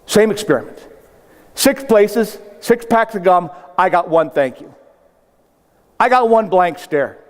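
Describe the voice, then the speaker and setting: A man's voice: high-pitched, expressive, unhurried, pauses often. An older man from South Dakota, a motivational speaker giving a humorous keynote to a live audience, telling stories with acted-out quotes and punchy asides. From South Dakota, United States. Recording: long hall reverb.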